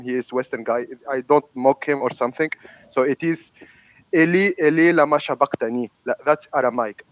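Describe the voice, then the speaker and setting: A man's voice: medium pitch, no echo, lo-fi sound. Earnest man with an Arabic accent. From Arab world. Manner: earnest, conciliatory, halting English. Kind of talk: online debate.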